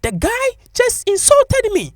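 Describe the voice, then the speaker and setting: A man voicing an indignant young British woman who is shocked and outraged, with a shrill squeal. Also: huge pitch swings, slow pace, no room sound, clean studio sound, heavily acted.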